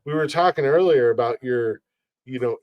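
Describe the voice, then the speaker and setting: Male podcast host, casual swearing storyteller, mid-pitched voice, dry close sound. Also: moderate pace, dry recording, muffled recording. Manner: profane, rambling storyteller who repeats words. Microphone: streamed podcast mic.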